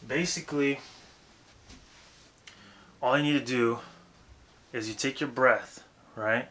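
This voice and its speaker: A young man giving a casual, profane, rambling lesson on vocal technique, breaking into loud demonstrations. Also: mid-range voice, fairly even intonation, slow, pauses often, a little hiss or hum. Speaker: vocal coach.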